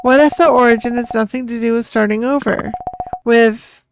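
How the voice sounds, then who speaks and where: A gentle, thoughtful young witch from a visual novel who talks to spirits, read aloud by a woman. The voice sits high with a gravelly edge, and the reading moves slowly. A clear hiss of noise runs under the home recording. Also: steady tone, natural voice. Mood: musing.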